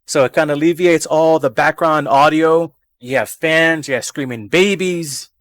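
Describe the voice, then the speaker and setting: A man's voice: on the high side, normal speed, a bit bright, no echo. A man chatting casually on a live stream from his home gaming setup into a desk microphone, rambling and repeating phrases over and over.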